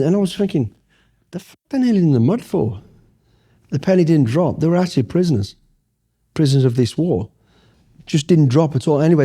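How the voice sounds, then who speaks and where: A man's voice: mid-range voice, dark tone. A middle-aged man, telling a war story in a casual interview, blunt and swearing freely. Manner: blunt, swears freely, acts out his past thoughts. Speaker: interview guest, former special forces soldier.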